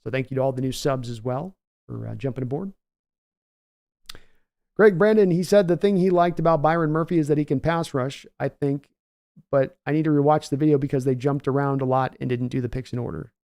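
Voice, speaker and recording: A man's voice: mid-range voice, fairly quick, gravelly, darkish tone, no room sound, clean studio sound. A man hosting a casual livestream, chatting loosely and answering viewers' comments by name. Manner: rambling, conversational, reads out viewer names. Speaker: host.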